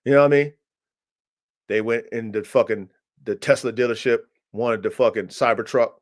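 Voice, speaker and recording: A man hosting a livestream about his working dogs, boastful and profane, speaking. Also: normal speed. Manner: boastful, swaggering and profane, pitch jumping up when hyped. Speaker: dog breeder hosting a livestream. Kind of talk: casual livestream monologue. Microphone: streaming mic.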